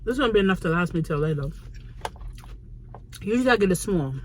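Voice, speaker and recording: With a lowish, darkish voice, lively intonation and a quick pace, a New York-accented vlogger tells a story inside a Chinese restaurant. Slight background noise is present, and her delivery is casual, slangy and blunt.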